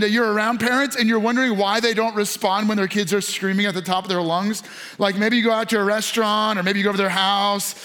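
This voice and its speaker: A man in his thirties preaches from the pulpit with a high-pitched voice. He tells stories in a loose, conversational way and acts out the quotes. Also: bright, forceful tone. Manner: casual storytelling with acted quotes. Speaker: pastor. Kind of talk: sermon.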